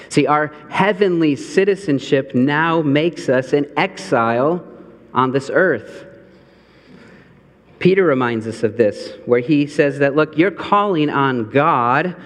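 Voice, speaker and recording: A male pastor preaches in a steady mid-pitched voice, leaning on repeated phrases to drive points home. His words ring out with a long reverberant tail, as in a large sanctuary. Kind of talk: sermon.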